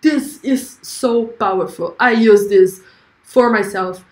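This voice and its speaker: A young woman hosts a casual livestream, chatting effusively and reading viewers' comments aloud. She speaks slowly at medium pitch with a darkish tone, and the sound is reverberant.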